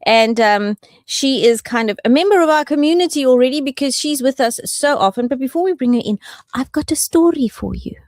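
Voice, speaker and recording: A woman's voice: high-pitched, animated, a little fast, a little mellow, no room sound. A woman hosting a radio show in the studio, playful and affectionate in casual chat. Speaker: radio host.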